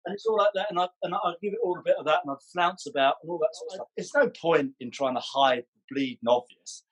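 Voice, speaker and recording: Brief: male guest, husky, playful storyteller, fairly high voice. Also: quick pace, poor audio. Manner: chatty, animated storyteller, playful. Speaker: podcast guest, ballroom dancer. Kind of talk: casual chat.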